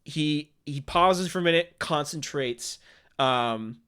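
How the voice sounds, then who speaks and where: A man narrating as game master of a tabletop game, relaxed and full of fillers as he sets the scene. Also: a little high, takes it slowly, clean tone.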